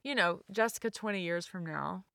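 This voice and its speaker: A woman's voice: on the low side, moderate pace, creaky, bright, forceful tone. A woman in her forties, a podcast guest speaking in a candid, rambling and emotional way. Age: 40s. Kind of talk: candid casual chat.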